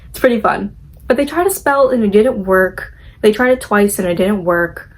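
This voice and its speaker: A young woman casually recapping a movie, chatty and opinionated, with lots of "like" fillers and quick acted-out character lines. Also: mid-range voice.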